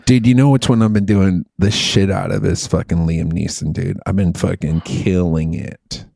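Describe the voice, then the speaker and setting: A man's voice: low voice, steady tone, moderate pace, vocal fry, dark tone, slightly rough, no echo. A man hosting a comedy podcast, joking around and swearing a lot in casual chat. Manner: profane and joking. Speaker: podcast host.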